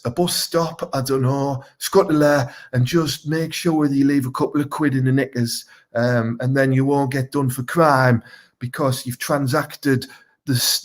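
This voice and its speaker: A man's voice: mid-range voice, lightly acted. A man playing a sweary Teesside vigilante hero. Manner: rambling, sweary, threatening. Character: crude, boastful male local superhero wannabe. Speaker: comic superhero character. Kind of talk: live comedic Q&A in character.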